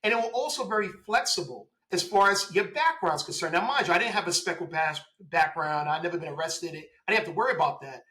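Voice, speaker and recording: A man in his forties, a police officer telling his story in a casual interview, lively, laughing and acting out quoted dialogue. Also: high-pitched, fast talker, hardly any pauses, poor audio.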